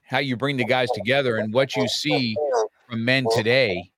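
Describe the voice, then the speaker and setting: A male podcast host asks his guest searching, probing questions. His voice is recorded close and dry, with no room sound around it, at a medium pitch. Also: steady tone, normal speed, fairly bright tone, dry recording. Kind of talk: interview questions.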